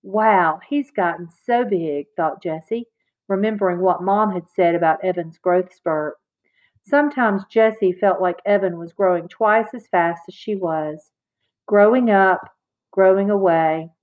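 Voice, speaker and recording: Woman, children's audiobook narrator, expressive read-aloud, middle pitch, lo-fi sound. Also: a little slow. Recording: slightly dull, lo-fi recording.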